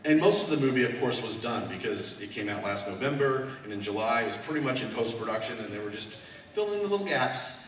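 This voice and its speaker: A man speaking as a guest on a convention panel, animated and laughing often as he answers fan questions. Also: medium pitch, fast talker, slight background noise. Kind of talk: live Q&A panel. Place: large convention hall. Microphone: far recording from the audience. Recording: echoey hall recorded from far off, crowd.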